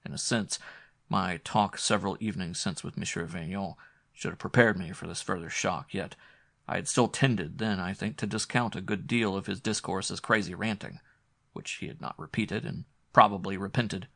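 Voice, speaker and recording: A man narrating a horror audiobook with a low, gravelly voice. His reading is measured and brooding, with scripted pacing. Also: pushed and bright, dry recording, studio quality.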